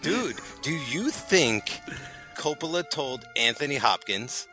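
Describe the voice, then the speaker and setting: A man's voice: mid-range voice, very animated, slow pace, sharp tone, faint music behind. A man hosting a casual film podcast, joking and laughing through what he says. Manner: jokey, laughs through his lines. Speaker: podcast host.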